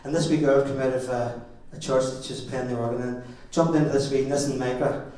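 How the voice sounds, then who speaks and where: A man's voice: mid-range voice, fairly even intonation, a little fast, dark tone. A middle-aged man with a Northern Irish accent giving a father-of-the-bride wedding speech, telling jokey stories with chuckles. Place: wedding reception hall. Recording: very echoey hall, far from the mic.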